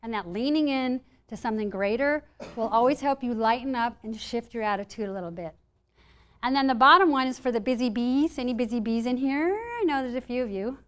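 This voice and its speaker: A woman with a slightly high voice speaks to a live room of listeners about stress resilience. Her delivery is lively and playful, and she slips into little acted inner voices to make her points. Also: brisk, clean tone. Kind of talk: live presentation to an audience.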